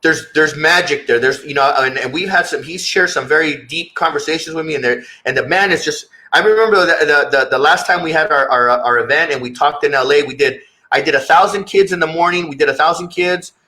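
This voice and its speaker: A man's voice: fairly high pitch, a little fast, sharp tone, rough recording. A man speaking as a guest in a candid interview, earnest and reflective, often repeating words as he searches for his thoughts.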